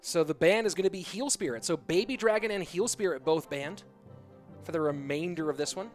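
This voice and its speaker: A man's voice: on the high side, a little fast, faint music behind. A young man casting a live esports stream, calling the plays and chatting with viewers. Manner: lively play-by-play, chatting with viewers. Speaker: esports caster. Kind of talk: live stream game commentary.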